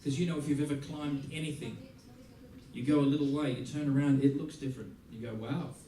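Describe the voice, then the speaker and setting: Speaking fast in a somewhat high voice, this Australian musician's masterclass is full of lively anecdotes for the audience, complete with acted-out quotes and frequent laughter. It was recorded in a large, echoey theater hall, with him sounding distant.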